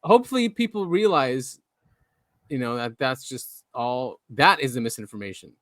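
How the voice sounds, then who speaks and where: An animated male podcast co-host who laughs easily and trips over his restarts. His voice sits at an ordinary mid pitch. The sound is dry and close, with no room around it. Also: normal speed, no echo. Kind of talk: casual podcast chat.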